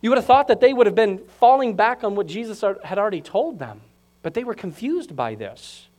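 Man, pastor, high voice, sermon, calm explaining that swells into excited proclaiming. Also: fairly quick.

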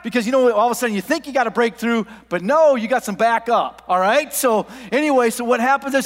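High-voiced animated male preacher. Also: brisk. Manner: animated, swings from quiet to shouting. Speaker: pastor. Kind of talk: sermon with anecdote. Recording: long hall reverb.

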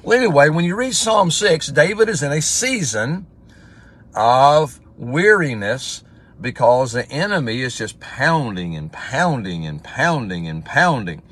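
A man's voice: medium pitch, sing-song, unhurried, a bit bright, breathy edge. A man giving a casual livestream devotional as pastor, talking in a conversational way and reading scripture aloud with emphasis.

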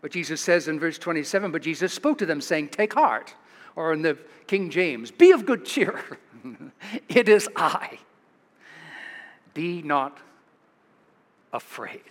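Animated American pastor preaching in a reverberant church. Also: male voice, a little slow, pauses often. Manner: animated, chuckling storyteller, rises in pitch for dramatic moments. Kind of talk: sermon. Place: church sanctuary.

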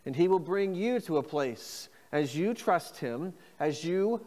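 A man preaching a sermon as pastor, reading scripture phrases slowly and inviting the congregation to repeat them. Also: on the high side, expressive, a little mellow, big-room sound. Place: church.

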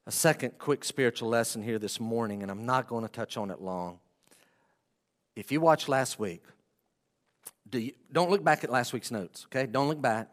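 A man preaching a sermon as pastor, swinging from hushed asides to loud pleading and acting out prayers. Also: medium pitch, moderate pace, in a large hall.

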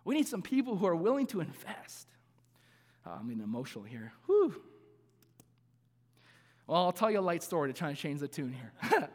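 High-voiced male pastor preaching in a hall. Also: fairly bright tone. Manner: earnest, building to emphatic repeated calls, with light laughing asides. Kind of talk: sermon.

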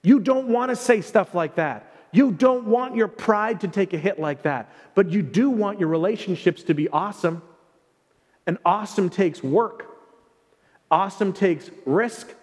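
Male pastor, high voice, conversational emphatic sermon, long church-hall reverb. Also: unhurried. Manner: conversational, emphatic preaching with playful asides.

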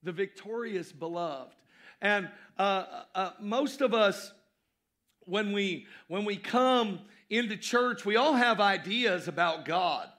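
A man preaching a sermon to his congregation, repeating key phrases and swinging between loud emphasis and quieter asides. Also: high voice, takes it slowly. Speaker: pastor.

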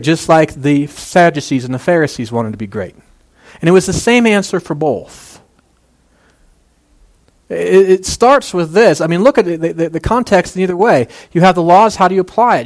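A man preaching a casual, conversational sermon, making jokey asides and using plenty of fillers. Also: fairly high pitch. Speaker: pastor.

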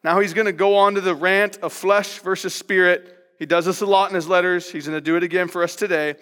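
A male pastor preaching a sermon in a lively, conversational way, hammering points home with playful repetition. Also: high voice, fast talker, long reverb tail.

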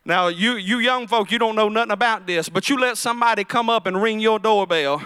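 High-voiced shouting preacher man. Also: smooth, no room sound. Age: middle-aged. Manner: preaching with rising shouts and drawn-out emphasis. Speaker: pastor. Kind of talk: sermon.

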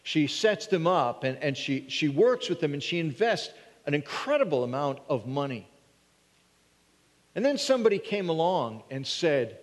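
A pastor's slightly high voice moves in a sing-song way at normal speed as he preaches earnestly, reasoning through tough questions aloud and sometimes restarting phrases. Long hall reverb colors the recording.

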